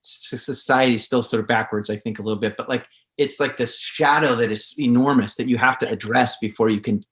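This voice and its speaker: A man's voice: mid-range voice, steady tone, fairly quick, a bit bright. A man hosting a casual interview who often trails off and restarts his sentences as he searches for the words. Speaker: podcast host. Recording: echoey room.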